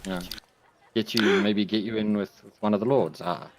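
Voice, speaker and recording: Low-voiced joking male player. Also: a little fast. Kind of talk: casual tabletop chat.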